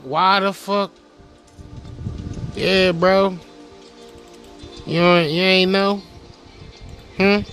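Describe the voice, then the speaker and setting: A man hosting a podcast in a loose, cursing rant. His voice sits fairly high, full of street slang and jabbing rhetorical questions. Faint music runs underneath. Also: creaky, fairly bright tone. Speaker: podcast host. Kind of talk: casual rant.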